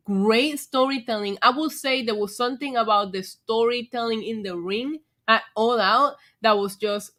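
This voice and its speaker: A young woman from New York with a New York accent, chatting excitedly on a live stream, swearing freely and laughing often. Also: sits high. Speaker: streamer reviewing wrestling. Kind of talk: casual live-stream chat.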